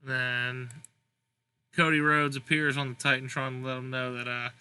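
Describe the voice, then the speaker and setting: Very bright-voiced young man narrating casually. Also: medium pitch, moderate pace, smooth. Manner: relaxed, narrates events in a loose rambling way. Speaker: co-host booking a wrestling sim game. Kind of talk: casual gaming chat.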